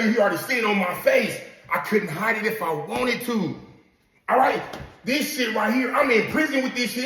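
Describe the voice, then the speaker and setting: A man's voice: very high voice, fairly bright tone. Man telling a street story in an echoey room. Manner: profane, streetwise, keeps checking in with "you know what I'm saying". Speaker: podcast host telling his own story. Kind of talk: casual storytelling to an audience. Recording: roomy, distant from the mic.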